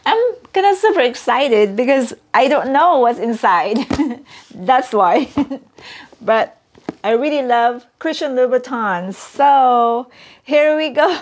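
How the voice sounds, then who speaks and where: Giggly excited woman unboxing. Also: a little high. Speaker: vlogger. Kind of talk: casual unboxing chat.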